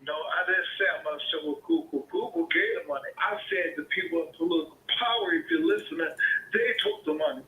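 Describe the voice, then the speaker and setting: A man's voice: on the high side, quick pace, hardly any pauses, sharp tone. A homeowner on a phone call, arguing heatedly and swearing often, repeating his points. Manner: swearing, repetitive, argumentative. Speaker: caller, homeowner. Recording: echoey phone call with faint noise.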